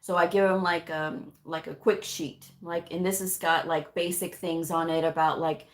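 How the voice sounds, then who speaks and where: Animated woman storyteller with a lowish voice. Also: normal speed. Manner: animated, acts out dialogue in her stories, laughs often. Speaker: medical coding educator. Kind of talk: casual storytelling livestream.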